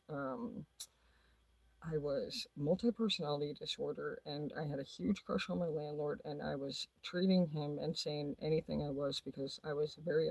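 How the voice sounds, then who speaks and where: Husky, foul-mouthed woman ranting. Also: low voice, a little mellow, no room sound, low-quality recording. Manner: foul-mouthed, sarcastic, combative. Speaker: livestream host. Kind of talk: profane ranting livestream.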